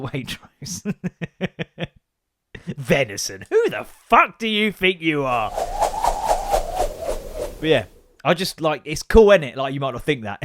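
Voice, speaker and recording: In studio-quality audio with no echo, a young man with a mid-range voice hosts a podcast. He rants solo for comic effect, exasperated, sarcastic and full of swearing.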